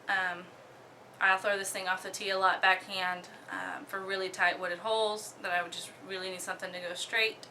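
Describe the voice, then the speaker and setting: A young woman from Oklahoma casually talking through her disc golf bag, relaxed, with many ums and the odd giggle. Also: mid-range voice, moderate pace, slight background noise. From Oklahoma, USA. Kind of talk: casual show-and-tell.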